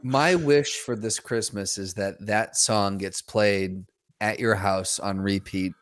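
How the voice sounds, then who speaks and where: A man's voice: on the low side, steady tone, takes it slowly, no echo, clean studio sound. A man co-hosting a podcast, joking and reacting in casual chat. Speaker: podcast co-host.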